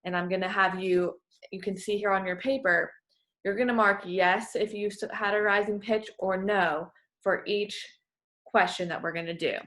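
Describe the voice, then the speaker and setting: A woman's voice: mid-range voice, fairly even intonation, moderate pace, fairly bright tone. A woman working as a voice clinician, giving patient, encouraging step-by-step instructions in a therapy session.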